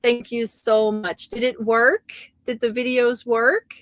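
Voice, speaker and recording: Slow-talking, high-pitched woman host. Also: little pitch movement, no echo, rough recording. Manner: gushing, exclaiming over gifts. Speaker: crochet livestream host. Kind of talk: casual livestream chat.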